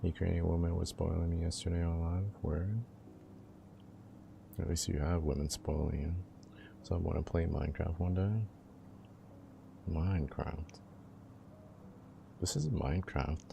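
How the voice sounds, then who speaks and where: A man's voice: sits low, steady tone, measured pace, gravelly, pauses often, background noise. A young man casually chatting with his livestream viewers in a laid-back, slangy way. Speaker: live streamer.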